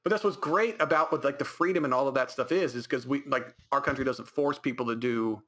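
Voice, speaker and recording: A man's voice: mid-range voice, brisk, a bit bright. A man with an American accent co-hosting a casual podcast, rambling with many fillers and restarts. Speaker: podcast co-host. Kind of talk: casual chat.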